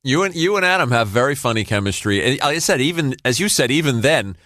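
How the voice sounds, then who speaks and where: A man hosting a podcast, asking chatty, halting questions and laughing easily. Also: medium pitch, expressive, sharp tone, no room sound, studio quality. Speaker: podcast host. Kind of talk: casual interview.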